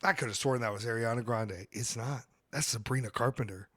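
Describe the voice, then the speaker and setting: A man talks in a loose, comedic podcast ramble. His voice sits in an ordinary middle pitch. He keeps breaking into loud, high, excitable outbursts before settling back down. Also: a little fast. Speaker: podcast host. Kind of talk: casual comedic chat.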